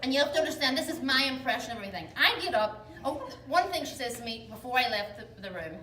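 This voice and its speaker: Woman workshop speaker, comic and foul-mouthed storyteller, bright high voice that swings widely, picked up from across an echoey room. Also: quick pace, crowd noise. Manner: profane, laughing, animated storyteller. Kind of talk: comedic personal storytelling. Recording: echoey room, distant mic, background ambience.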